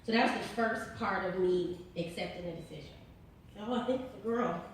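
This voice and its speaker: A woman's voice: medium pitch, brisk, slight background noise. A woman author telling a personal story in an interview, earnest and emphatic, repeating herself in an informal way. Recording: very echoey room, distant mic.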